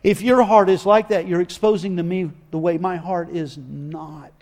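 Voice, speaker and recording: A man's voice: sits high, steady tone, normal speed, a little mellow. A man preaching a sermon in an emphatic, folksy way, often repeating his phrases.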